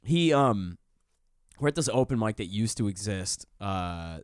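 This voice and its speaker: A man, a comedian telling a profane, animated story in casual chat, jumping up in pitch when he quotes himself. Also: unhurried, clear, resonant tone, no echo, studio quality. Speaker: comedian guest.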